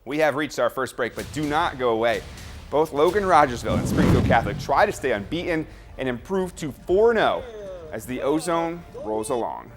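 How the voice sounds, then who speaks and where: A man anchoring a sports show, reading high school football highlights with energetic play-by-play and joking asides. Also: moderate pace, music in the background.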